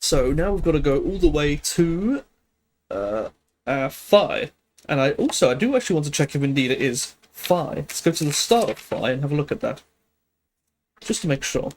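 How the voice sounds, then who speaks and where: A man's voice: on the high side, expressive, moderate pace, slight background noise. A man thinking aloud at a leisurely pace while working through a language exercise on a live stream, hesitant and checking himself as he goes. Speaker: streamer studying Greek.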